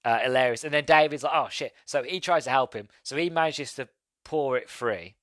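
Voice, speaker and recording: Here the young man speaks a bit fast in a medium-pitched, fairly bright voice, with no room sound. He chats about a film on his podcast, wandering off track, fixing his own words, and laughing while retelling scenes.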